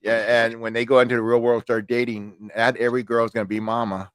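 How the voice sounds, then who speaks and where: A man's voice: mid-range voice, level tone, fairly quick, fairly bright tone, clear, resonant tone, no room sound. A man hosting a podcast, casually telling crude, joking family stories and acting out his mother's lines. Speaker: podcast host. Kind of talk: casual storytelling chat.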